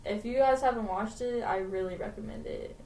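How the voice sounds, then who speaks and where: A woman's voice: a little high, brisk, mellow, a little hiss or hum. Slangy young woman, roomy and distant. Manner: slangy, swears freely, laughs at her own story. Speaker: podcast co-host. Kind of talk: casual storytelling chat. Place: home podcast room. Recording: roomy echo, mic set back.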